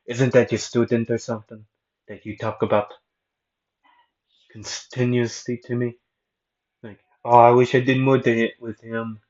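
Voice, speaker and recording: A bewildered warrior voiced by a man rambles in a heavy put-on foreign accent, pitched above the performer's low natural voice. He sounds puzzled about everything around him. The lo-fi recording gives it a dull, muffled edge. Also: flat delivery, a little slow, long pauses, darkish tone, natural voice. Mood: baffled.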